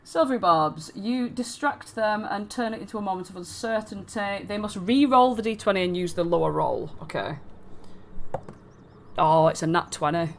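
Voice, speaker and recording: A woman's voice: mid-range voice, moderate pace, a little hiss or hum. A woman running a tabletop fantasy game, narrating in a chatty way with many fillers and restarts. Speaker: dungeon master.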